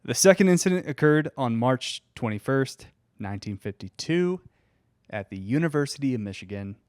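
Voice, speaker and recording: A man hosting a podcast, reading history notes aloud in a casual chat with dry, deadpan asides. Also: medium pitch, normal speed, clear, resonant tone, no echo. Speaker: podcast host.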